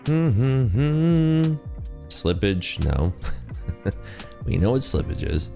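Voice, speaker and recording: A man's voice: mid-range voice, very animated, very slow, vocal fry, warm tone, faint music behind. A man hosting a day-trading livestream, talking casually and rambling through market chatter with lots of "like" and "you know".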